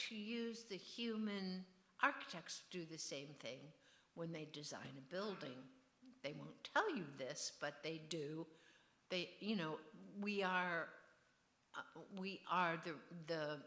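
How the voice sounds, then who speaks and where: A woman's voice: low voice, pushed and bright. An older woman novelist being interviewed on stage at a festival. She muses and digresses with a wry edge. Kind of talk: on-stage author conversation. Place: festival venue. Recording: roomy echo.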